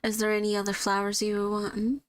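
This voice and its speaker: A woman's voice: mid-range voice, completely flat delivery, fast talker, pitched above the performer's own voice, lightly acted. A woman voicing a flirty hooved female flower shopkeeper with a slight put-on Southern twang who calls customers darling. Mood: welcoming. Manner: sweet-talking, calls people darling.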